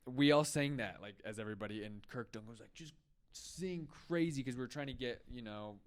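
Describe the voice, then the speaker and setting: A man co-hosting a podcast, telling a story in a loud, animated, casual way. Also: medium pitch, fast talker, no room sound, studio quality. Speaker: podcast co-host.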